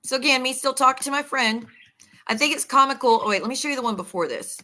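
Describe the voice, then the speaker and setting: Bright-voiced woman streaming candidly. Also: high-pitched, quick pace. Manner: candid, rambling, reads messages aloud. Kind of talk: casual livestream talk.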